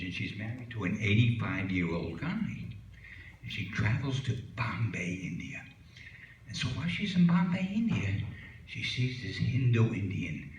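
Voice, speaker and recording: Rambling older man telling stage jokes. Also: on the low side. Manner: rambling, folksy, heavy on "you know" fillers. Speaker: stand-up comic. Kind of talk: stand-up joke telling. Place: small comedy club stage. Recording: echoey room from far off.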